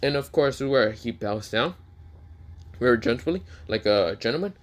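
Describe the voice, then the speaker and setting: A man's voice: mid-range voice, lively intonation, moderate pace. A man narrating an improvised fan story, full of fillers and restarts. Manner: hesitant, many fillers and restarts.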